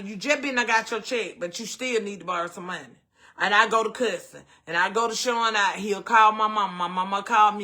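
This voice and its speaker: Southern guy talking to his viewers like family, high voice, calls everybody baby and honey. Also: fairly even intonation, moderate pace, pushed and bright. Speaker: host. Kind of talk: casual chat with viewers.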